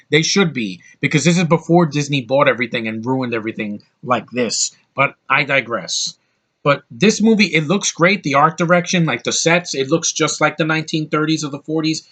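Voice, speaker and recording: Guy in his 30s gushing about an old movie, lots of uh and whatchamacallit, middle pitch. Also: a bit bright. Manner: rambling, enthusiastic, many fillers and restarts. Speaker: movie reviewer. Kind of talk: casual movie review monologue.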